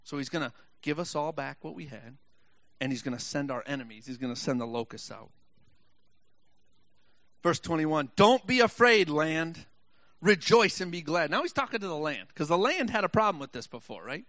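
Bright-voiced preacher, dry close sound. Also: male voice, on the high side, expressive, dry recording. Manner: reads scripture slowly, then builds to impassioned shouting; joking asides to the congregation. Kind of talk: sermon.

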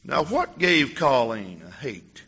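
A male pastor preaching a testimony sermon, telling a story with animated storytelling and acting out the dialogue. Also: medium pitch, slow, slightly rough, long reverb tail, dull audio.

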